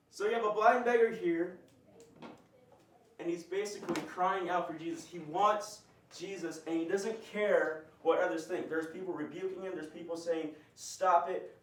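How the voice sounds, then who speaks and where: A man's voice: fairly high pitch, fairly bright tone. A man teaching a conversational bible lesson, explaining and asking his group questions. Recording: roomy, distant mic.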